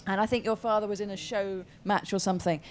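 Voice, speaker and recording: Woman, filmmaker, interview, lively anecdote, mid-pitched voice. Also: fast. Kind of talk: casual interview chat.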